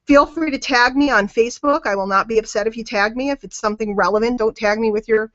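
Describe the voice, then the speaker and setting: Female motivational coach, emphatic and repetitive, slightly high voice, dull dry lo-fi call audio. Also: fast talker, a bit bright, no echo. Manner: emphatic, repeats key phrases. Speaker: network marketing coach.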